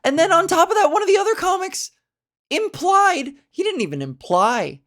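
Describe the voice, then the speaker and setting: A woman hosting a podcast, a comedian chatting casually through a story with big, animated swings in pitch. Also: moderate pace.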